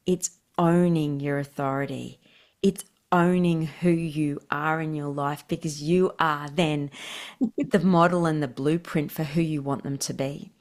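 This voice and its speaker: A woman's voice: sits low, unhurried. A middle-aged woman. She is a parenting expert guest on a podcast who tells stories with lots of energy and laughs often. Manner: animated storytelling, laughs often. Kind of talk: podcast interview.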